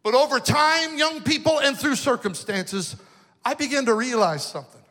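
Casting: male youth preacher, high bright voice, comic storyteller who builds to shouting, big reverberant hall. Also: normal speed. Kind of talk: humorous sermon with stories. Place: large hall with an audience.

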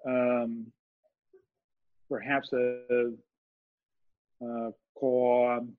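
Flat-voiced male guest, dry lo-fi. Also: dry recording. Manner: halting, filler-heavy, low-key. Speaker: interview guest. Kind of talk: casual interview chat. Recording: dull dry lo-fi sound.

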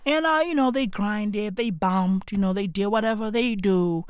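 A woman's voice: medium pitch, normal speed, smooth, dry recording, clean studio sound. A woman ranting in a comedic, exasperated and mocking way, swearing heavily. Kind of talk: profane comedic rant.

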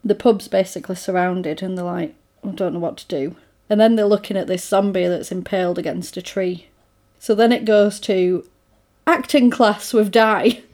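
A woman in casual chat, recapping a film with animated storytelling and frequent laughs. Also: medium pitch, moderate pace.

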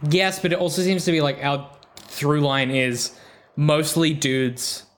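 A man's voice: fairly high pitch, a little slow. A man co-hosting a podcast, chatting casually in a rambling, jokey, self-deprecating way. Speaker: podcast co-host.

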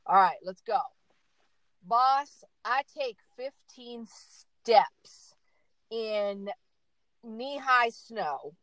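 A woman's voice: fairly high pitch, lively intonation, drawn-out words, fairly bright tone, no echo, low-quality recording. A middle-aged woman telling a dramatic story in casual chat, repeating words for emphasis.

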